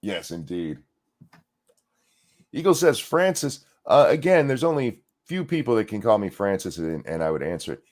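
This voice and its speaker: Speaking at a normal speed in a fairly low voice, a middle-aged man co-hosts a live stream and reads donations aloud. His delivery is lively, jokey and foul-mouthed, wandering off-topic and restarting often.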